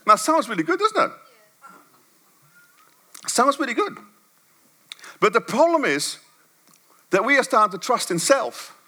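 Lively, bright-voiced preacher man. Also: normal speed. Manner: swings from low murmurs to high emphatic bursts. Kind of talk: sermon.

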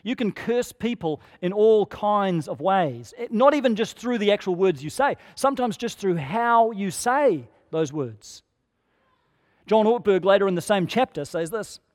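A man preaches a sermon as a pastor, earnest and conversational, asking his listeners rhetorical questions. His voice sits high, and the sound is that of a big room.

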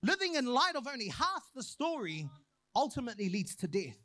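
A young man preaching a sermon, praying and then telling a personal story in an animated way. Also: extremely high pitch, a little fast, no echo. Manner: animated storyteller, acts out quoted voices.

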